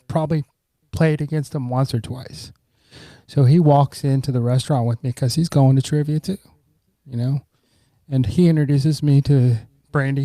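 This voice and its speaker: A middle-aged man, a podcast guest, telling relaxed personal stories and acting out what friends said. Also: medium pitch, no room sound. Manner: relaxed, warm, acts out quoted friends. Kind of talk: casual storytelling.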